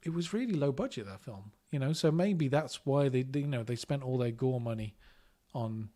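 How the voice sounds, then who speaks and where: A man's voice: mid-range voice, lively intonation, normal speed, mellow. A man co-hosting a film podcast, chatting casually and telling rambling stories with fillers and restarts. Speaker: podcast co-host. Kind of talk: casual chat about films.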